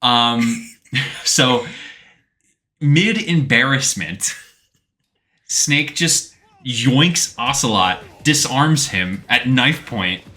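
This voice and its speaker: A man's voice: mid-range voice, lively intonation, very slow, pauses often, bright, forceful tone. A man co-hosting a podcast, chatting casually and jokingly about a game and laughing often. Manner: jokey, laughs often, acts out characters in quotes. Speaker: podcast co-host. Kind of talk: casual chat recapping a video game.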